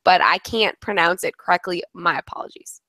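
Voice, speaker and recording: A young woman co-hosting a casual podcast chat, sarcastic and animated, laughing often. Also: on the low side, a little fast, a crowd in the background. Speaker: podcast co-host.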